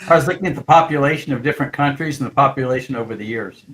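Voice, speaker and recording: Bright-voiced man sharing trivia. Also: mid-range voice, rapid-fire, poor audio. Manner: chatty, trading facts and anecdotes. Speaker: chat participant. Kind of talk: casual group chat.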